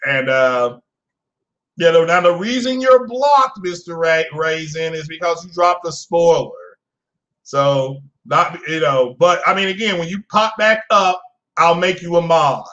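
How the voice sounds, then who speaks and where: A man's voice: on the high side, animated, a little slow, fairly bright tone, muffled recording. A man hosting a casual live gaming podcast, talking loosely and rambling as he reads chat and news to his viewers. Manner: rambling, chatty, talks to chat viewers by name.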